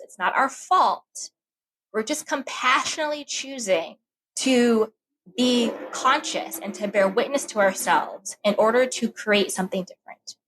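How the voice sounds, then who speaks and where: A woman guest on a podcast talks casually and animatedly, acting out the voices in her head as she tells a story. Her voice is on the high side, and the recording is rough.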